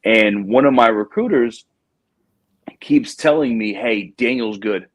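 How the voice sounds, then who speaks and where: A man hosting a podcast, telling a story in a casual, lively way and acting out the people in it. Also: mid-range voice, measured pace, dry recording. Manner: animated storyteller, acts out quoted people. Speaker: podcast host.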